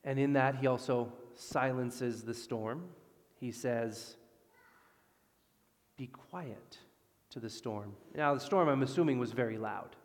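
A man preaching a sermon, animated, moving between loud emphasis and hushed, calm passages. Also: mid-range voice. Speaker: pastor. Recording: long hall reverb.

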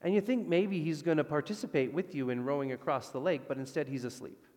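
A man preaching a sermon, animated, moving between loud emphasis and hushed, calm passages. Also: on the high side, fast talker. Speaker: pastor. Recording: long hall reverb.

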